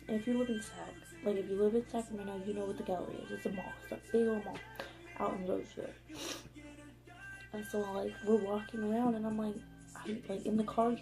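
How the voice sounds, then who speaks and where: Over background music, a young woman rambles through a casual vlog storytime, packed with fillers and plenty of swearing. Her mid-range voice is gravelly, and the audio is poor.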